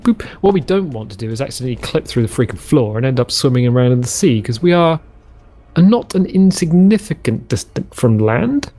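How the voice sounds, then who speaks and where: Guy doing a rambly let's play, average pitch, dead dry sound. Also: mellow, no room sound. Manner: rambling, chatty, musing aloud while playing. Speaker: gaming channel host.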